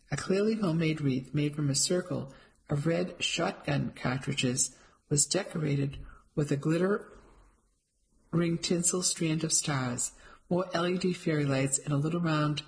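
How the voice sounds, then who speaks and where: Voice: medium pitch, gravelly, poor audio. A narrator reading a cozy mystery aloud in the first person, with a light, wry delivery.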